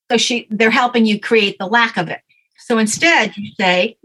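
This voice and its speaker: A woman's voice: mid-range voice, fairly even intonation, brisk, fairly bright tone, rough recording. Woman guest, instructive and sure of herself, conversational. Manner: instructive, confident, explains step by step. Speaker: guest coach. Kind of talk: casual interview.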